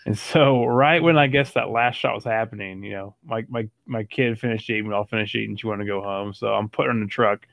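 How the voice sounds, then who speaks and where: Man, 30s, podcast co-host, lowish voice, rambling anecdotal delivery, dry close mic. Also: fast, creaky, few pauses, fairly bright tone, no echo. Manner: rambling storyteller with many fillers. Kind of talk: casual sports podcast chat.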